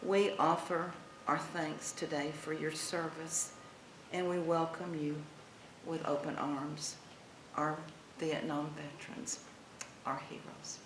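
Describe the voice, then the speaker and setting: A woman doctor giving an earnest, measured prepared speech at a ceremony in a senior center hall. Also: low voice, flat delivery. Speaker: guest speaker, doctor. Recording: echoey hall with clear noise.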